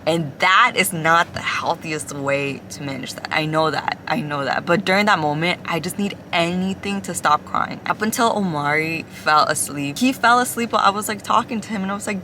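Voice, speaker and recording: Low-voiced young woman rambling in a car. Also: normal speed, bright, forceful tone, a little hiss or hum. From Ecuador, then the US. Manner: rambling and confiding, many "like" fillers. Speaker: vlogger. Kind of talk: confessional casual chat. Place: inside a car.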